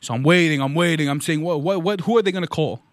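A man's voice: on the high side, fast talker, dry recording, natural voice. A man doing a blustering old Vermont politician. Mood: ranting. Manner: ranting, blustery, repetitive stammering. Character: cranky older male Vermont politician type. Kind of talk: comedy story bit, Bernie Sanders impression.

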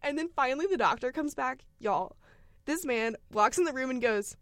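A woman's voice: sits high, animated, moderate pace, a bit bright, no echo, clean studio sound. A young woman, telling a funny story as a podcast co-host and laughing often. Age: young adult. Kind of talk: casual storytelling chat.

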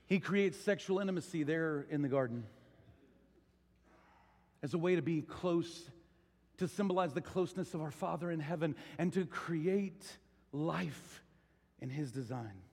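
Casual: high voiced guy preaching, conversational, big reverby church room. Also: unhurried, pauses often, breathy edge. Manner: conversational preaching, rising to excited storytelling. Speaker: pastor. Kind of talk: sermon. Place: large church auditorium. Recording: long hall reverb.

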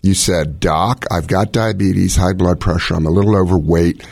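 A man's voice: low voice, fairly even intonation, normal speed, gravelly, a little mellow, no room sound. A middle-aged man, a cardiologist, explaining heart conditions in casual chat with analogies and quoted scenarios. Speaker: cardiologist host.

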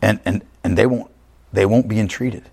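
A man's voice: on the low side, moderate pace, vocal fry, darkish tone, husky. A male pastor preaching an emphatic, conversational sermon, often checking in with his listeners. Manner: emphatic, conversational preaching with frequent "right?" asides.

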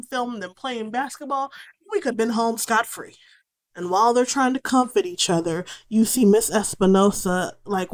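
A young woman hosting a casual movie recap, swearing freely and talking in a slangy, sarcastic way. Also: a little high. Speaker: host.

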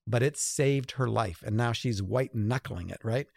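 A man's voice: medium pitch, moderate pace, creaky, darkish tone, no echo, clean studio sound. A middle-aged man, an author and guest, telling a story in casual conversation and acting out the dialogue.

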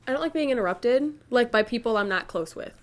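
A woman's voice: a little high, lively intonation, a little fast. Young woman telling stories in casual chat. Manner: storytelling, acts out quoted lines.

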